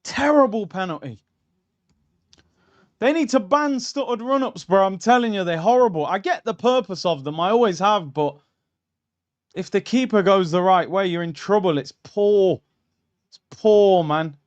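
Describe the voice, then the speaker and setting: A young man hosting a live football watchalong, reacting bluntly and excitedly to the match. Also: sits high, normal speed, highs cut off.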